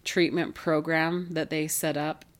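A woman's voice: sits low, level tone, a little slow. Candid woman telling her story. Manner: chatty, frequent "like" fillers, retells others' words. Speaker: podcast guest.

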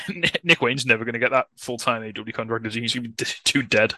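A man co-hosting a podcast, chatting casually and excitably, swearing and laughing often. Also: medium pitch, quick pace, dry recording. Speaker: podcast co-host. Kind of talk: casual wrestling podcast chat.

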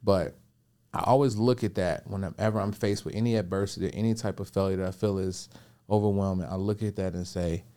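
His low, smooth voice moves a little fast as this business coach, a podcast guest, shares a personal story and motivational advice. He delivers it animatedly, imitating the voices he quotes.

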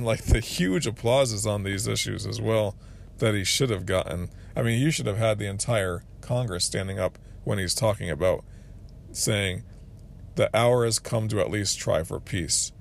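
A man's voice: fairly low pitch, unhurried, creaky, a little hiss or hum. A man hosting a solo podcast, giving earnest political commentary, often restarting his phrases and reading quotes aloud. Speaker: podcast host.

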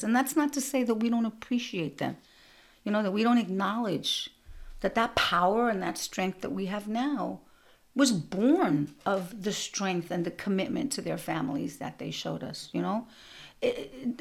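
A middle-aged woman hosting a show, telling family stories in an animated, punchy way with sudden loud bursts. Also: mid-range voice, vocal fry. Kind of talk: storytelling monologue.

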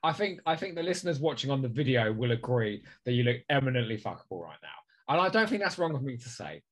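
Husky, teasing man with a bouncy voice. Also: medium pitch, sing-song, fast talker. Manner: teasing, giggly, playful banter. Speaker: podcast co-host. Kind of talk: casual comedic chat.

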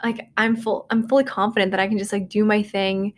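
Brisk and with little pitch movement, a mid-range female voice belongs to a twenty-something podcast host recording solo in her dorm room. A faint hiss or hum is present, and her rambling, self-deprecating talk is full of "um" and "like."

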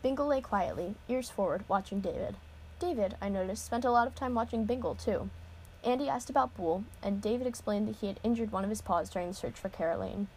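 Casual woman reader, mid-pitched, breaks off for offhand asides, informal novel read-aloud. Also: quick pace, a little mellow, a little hiss or hum. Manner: casual asides, occasional cursing and restarts.

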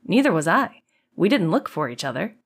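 A woman's voice: on the low side, big pitch swings, brisk, breathy edge, heavily acted. Woman reading as an earnest tender alien man. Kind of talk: audiobook character reading.

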